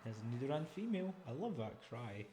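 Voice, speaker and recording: A man casually commenting on his own game playthrough, chatty and thinking out loud about each move. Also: medium pitch, sing-song, brisk. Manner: chatty, thinks aloud over choices. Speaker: gaming channel host. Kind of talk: casual let's-play commentary. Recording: game music underneath. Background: game music.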